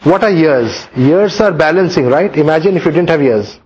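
A man teaching astrology to students, animated and full of rhetorical questions, sometimes acting out complaints. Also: fairly high pitch, moderate pace. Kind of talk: lecture to students. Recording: dull lo-fi sound.

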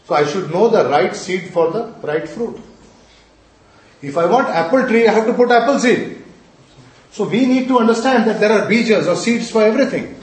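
A man's voice: high-pitched, normal speed. A middle-aged man teaching a class, quizzing the students, answering his own questions and scolding them playfully. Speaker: Sanskrit and mantra teacher. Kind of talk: classroom lecture. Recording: echoey room from far off.

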